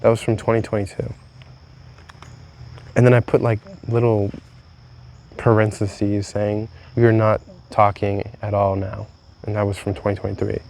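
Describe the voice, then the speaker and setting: A man's voice: on the low side, little pitch movement, normal speed, gravelly, long pauses, darkish tone. A young man vlogging a candid, rambling confessional monologue, swearing freely as he talks.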